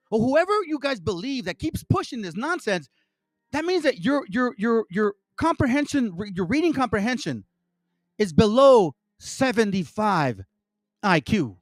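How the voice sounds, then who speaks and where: A man's voice: very high voice, big pitch swings, moderate pace, no room sound. A man hosting an online commentary, reading passages aloud and reacting in a heated, profane rant full of stumbling restarts. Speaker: channel host.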